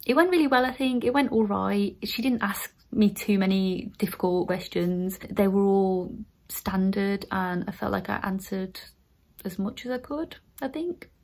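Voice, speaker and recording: A woman in her thirties with an English accent, a newly qualified nurse, vlogs casually to camera from an emptied room at home. Her mid-range voice has a darkish tone. She's emotional and teary, often slipping into a whisper.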